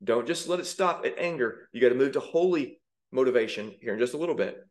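A man's voice: medium pitch, expressive, quick pace. A man preaching with fiery indignation, rising to emphatic peaks as he reacts to song lyrics. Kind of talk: sermon-style commentary.

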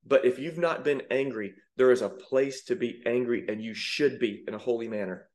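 A man's voice: medium pitch, moderate pace, few pauses, darkish tone. A man preaching with fiery indignation, rising to emphatic peaks as he reacts to song lyrics. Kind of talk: sermon-style commentary.

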